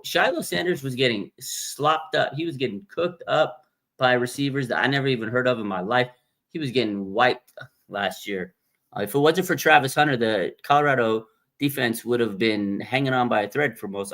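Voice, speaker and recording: A man hosting a live fan show speaks in a middle-pitched voice. His delivery is blunt and animated, and he moves quickly from reading viewer comments aloud to reacting to them. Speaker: livestream host.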